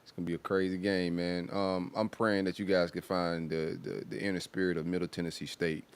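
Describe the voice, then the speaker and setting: A man's voice: sits low, flat delivery, brisk, clear, resonant tone. A man hosting a sports podcast, talking in a laid-back, slangy way about football and nightlife. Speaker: podcast host. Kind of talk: casual sports chat.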